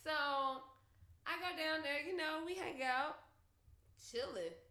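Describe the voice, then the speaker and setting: A young woman telling a story in casual chat, animated and profane, with bursts of laughter. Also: sits high, takes it slowly. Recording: roomy echo.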